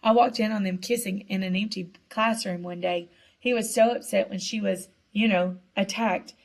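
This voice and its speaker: A woman's voice: mid-range voice, fairly even intonation, moderate pace, creaky. A woman voicing a shy young schoolgirl who is giggly and a little anxious.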